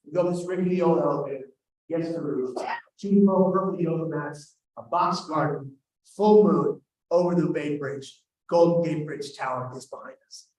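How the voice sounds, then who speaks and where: An animated man on stage, telling a self-deprecating comic story at a quick clip. His voice sits fairly high. It echoes heavily through a large event hall, caught from some distance. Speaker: keynote speaker, host.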